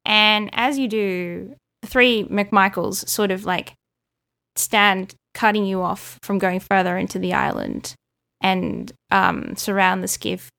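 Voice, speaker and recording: A woman narrating a tabletop role-playing game as game master, relaxed and descriptive. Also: medium pitch, slow pace, creaky.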